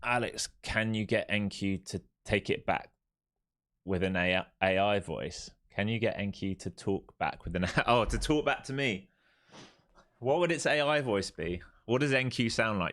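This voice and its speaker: A man with a low, fairly bright voice hosts a live trading stream. His commentary is jokey and repetitive, and he keeps urging his viewers on.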